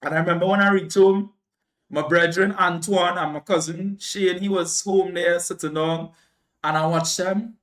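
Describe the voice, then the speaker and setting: A young Trinidadian man telling a funny personal story casually on a livestream, jumping up in pitch when he quotes people. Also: normal speed. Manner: animated, jumps high when quoting people, laughs while telling.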